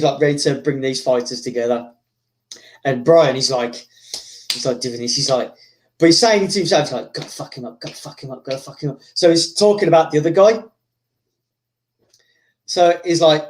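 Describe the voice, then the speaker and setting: A man casually telling a story, rambling with many fillers and acting out characters. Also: fairly high pitch. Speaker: host.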